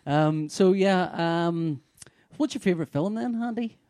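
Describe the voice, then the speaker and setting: A man in easy conversation with friends, his voice sitting a little high and swinging widely in pitch. He laughs often, and the dry close mic leaves no room sound. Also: unhurried, no echo. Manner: animated, laughing, slips into impressions. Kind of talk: casual chat among friends.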